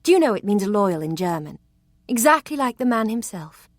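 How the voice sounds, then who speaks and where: A coquettish young lady of the Regency era teases with arch playfulness, as a woman reads her. The voice sits at a middling pitch and sounds dry and close, with no room around it. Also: sing-song, normal speed, dry recording. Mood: teasing.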